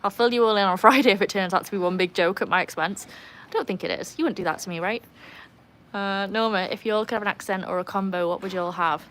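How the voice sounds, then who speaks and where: A woman's voice: fast, slight background noise. A British woman hosting a casual livestream by the pool, chatting, rambling and reading out viewer comments. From Britain. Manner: chatty, rambling, self-mocking, talks to her dogs in a high excited voice. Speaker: livestream host. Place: outdoors by a pool with dogs.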